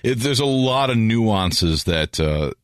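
Lively-pitched man on a podcast. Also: takes it slowly, no echo, clean studio sound. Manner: animated, laughing storyteller. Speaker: podcast co-host. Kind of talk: casual chat.

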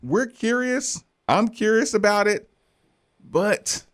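Male radio host, higher voice, lively jokey delivery, constant laughter. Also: measured pace. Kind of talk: sports radio chat with ad reads.

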